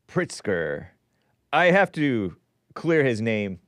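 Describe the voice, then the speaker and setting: A man's voice: mid-range voice, sing-song, slow, smooth, no room sound, clean studio sound. A man hosting a live-streamed commentary show, reacting to clips with sarcastic, mocking asides. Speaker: host.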